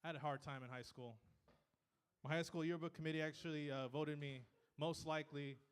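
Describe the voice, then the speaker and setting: A man's voice: fairly high pitch, fairly even intonation, brisk, clean tone. Dry self-deprecating male comic. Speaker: stand-up comedian. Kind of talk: stand-up set.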